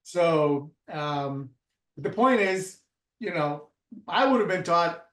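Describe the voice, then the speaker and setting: A man's voice: fairly high pitch, expressive, slow pace, fairly bright tone. Rambling man in an echoey room. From Puerto Rico. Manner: rambling, with frequent restarts and fillers. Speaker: guest. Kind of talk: casual storytelling interview. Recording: roomy echo.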